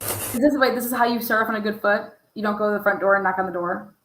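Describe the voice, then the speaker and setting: A woman's voice: medium pitch, quick pace, fairly bright tone, roomy sound, a little hiss or hum, poor audio. A woman giving casual true crime commentary over case footage. She swears freely and fires off pointed rhetorical questions. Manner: profane, rhetorical, asks many pointed questions.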